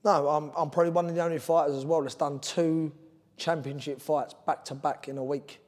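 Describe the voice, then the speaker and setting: A man's voice: on the high side, steady tone, brisk, a little mellow, long reverb tail. A middle-aged man with a London Cockney accent, a former boxer telling his story as a podcast guest, earnest and drifting from topic to topic. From Ireland. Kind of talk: candid podcast interview.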